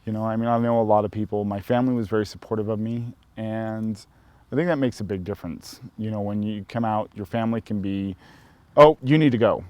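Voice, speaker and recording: A man from Montana casually telling a personal story in a relaxed, rambling way, full of "you know" fillers. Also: on the low side, quick pace, smooth, no room sound. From Helena, Montana. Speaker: storyteller sharing his coming-out experience.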